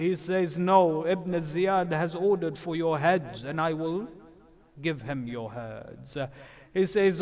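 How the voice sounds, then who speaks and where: A man's voice: a little high, slow pace. A man giving an emotional sermon in a mosque, telling a story with rising intensity when he quotes others, with frequent hesitations. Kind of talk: emotional religious sermon narration.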